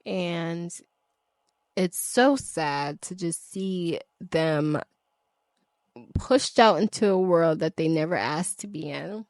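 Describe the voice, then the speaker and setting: A woman's voice: on the low side, slow, darkish tone, no room sound, studio quality. A woman hosting her own podcast alone, talking with passion, swearing freely and repeating her pleas with laughs and sighs. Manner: impassioned, emphatic, swears freely; repeats pleading phrases, laughs and sighs between points. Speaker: podcast host. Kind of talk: solo podcast monologue.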